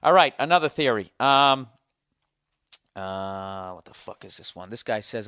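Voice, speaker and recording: A man's voice: lowish voice, lively intonation, a little slow, pushed and bright, clean tone, no echo, clean studio sound. A man hosting a podcast, ranting sardonically and profanely while reading listener mail. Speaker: podcast host.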